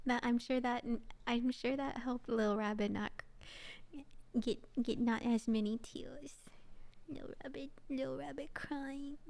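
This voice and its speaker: Soft whispery woman reading slowly. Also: a little high, creaky. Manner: soft-spoken, giggly, whispers often. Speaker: streamer reading stories.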